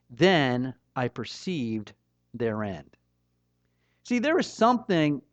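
A man's voice: fairly high pitch, no echo. A middle-aged man preaching a sermon, earnest and emphatic, with a rising and falling delivery. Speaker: pastor. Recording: dull, slightly muffled dry recording.

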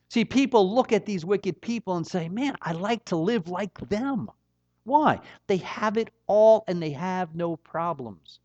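Here a middle-aged pastor with a slightly high voice delivers an earnest, emphatic sermon whose tone rises and falls. The dry recording sounds dull and slightly muffled.

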